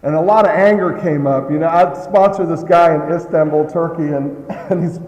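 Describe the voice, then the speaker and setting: A man's voice: fairly high pitch, steady tone, moderate pace, a little mellow, lo-fi sound. A man telling a candid, humorous recovery story, chuckling often as he talks. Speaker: speaker sharing a recovery story. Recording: echoey hall with long reverb.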